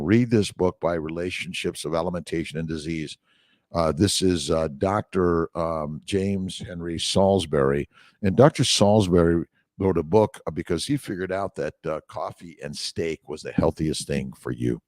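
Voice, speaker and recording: An older American man in his sixties, a doctor, hosts a morning livestream from somewhere other than his usual office. His deep, darkish voice moves at a normal speed, captured close and dry on a phone mic with no room sound. He rambles casually and encouragingly, reading out viewers' names and comments.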